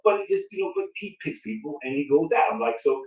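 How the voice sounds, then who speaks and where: A man's voice: fairly high pitch, quick pace, far from the mic, dull audio. A man in casual conversation, talking. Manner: animated, repetitive, rhetorical questions. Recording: roomy sound from off the mic.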